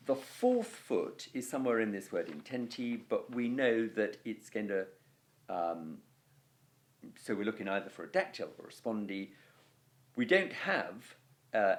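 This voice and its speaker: Slow, lively-voiced man teaching Latin. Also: lowish voice. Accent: English. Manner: patient, explanatory, fond of chanting rhythm syllables. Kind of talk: video lesson on verse scansion.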